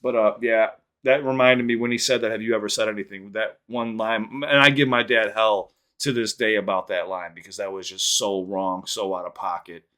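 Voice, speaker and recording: A man hosting a reaction channel, rambling through a story and quick sign-off plugs in casual chat. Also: lowish voice, fairly even intonation, a bit bright, clear, resonant tone.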